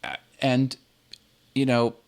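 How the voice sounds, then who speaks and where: A relaxed man chats casually as he hosts his own video channel, sharing tips and acting out how a sentence should sound. His voice comes through a computer's built-in webcam in a home set full of toys and games. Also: mid-range voice, slow pace, gravelly. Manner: relaxed, chatty, demonstrates with own intonation. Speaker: YouTube channel host.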